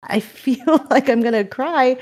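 Her voice is high, a little mellow and measured as this thirtysomething woman co-hosts a casual podcast chat. She's candid and teasing and laughs a lot.

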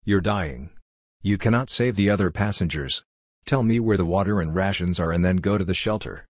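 A composed, logical android woman, as a male narrator reads her speaks in a low, husky register. Her delivery stays level and matter-of-fact, like a calm storybook reading with a dry, close sound. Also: moderate pace, no room sound.

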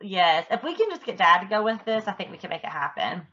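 A woman in her thirties co-hosting a casual chat, excitable and gushing, and she swears when surprised. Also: mid-range voice, fast talker, muffled recording, a loud crowd. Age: 30s. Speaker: podcast co-host.

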